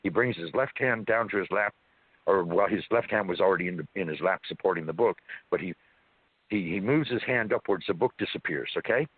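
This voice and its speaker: Husky-voiced man telling a story by phone. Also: sits low, a little fast, no room sound. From California. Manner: animated, folksy storyteller. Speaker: interview guest. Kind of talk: first-person storytelling. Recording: dry muffled phone line.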